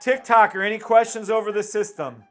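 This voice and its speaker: High-voiced hyped trading streamer, man. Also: flat delivery, a little fast, a bit bright, soft background music. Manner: hyped, repetitive, swearing, cheering. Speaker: livestream trading host. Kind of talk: excited live trading commentary.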